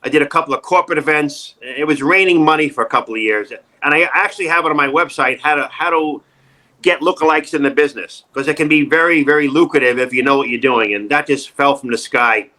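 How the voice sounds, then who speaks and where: A middle-aged man with a New York accent, telling jokey stories in a casual interview, animated and wisecracking. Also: on the high side, fast. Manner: animated, wisecracking, jumps into quoted voices. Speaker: actor and comedian, interview guest. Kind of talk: casual interview, joking storytelling.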